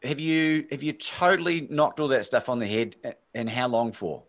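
An enthusiastic male podcast host with a mid-pitched voice. He talks in a reflective, conversational way and restarts his phrases now and then. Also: fairly even intonation, normal speed, fairly bright tone. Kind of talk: conversational interview.

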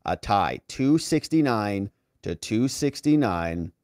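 A man's voice: lowish voice, takes it slowly, no room sound, studio quality. A man hosting a political commentary show, talking emphatically and directly to his viewers. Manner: animated, emphatic, talks straight to viewers. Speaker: host.

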